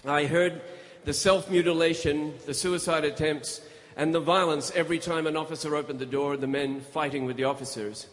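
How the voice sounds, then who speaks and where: A man giving a storytelling speech on stage as a guest speaker, in a measured, grave way. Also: a little high, fairly even intonation. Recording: echoey hall.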